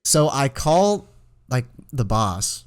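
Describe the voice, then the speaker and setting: A man's voice: mid-range voice, slow, clear, resonant tone. A man in his twenties, a podcast co-host, telling a long story in casual chat, with many restarts. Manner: rambling storyteller, many restarts, animated when quoting himself.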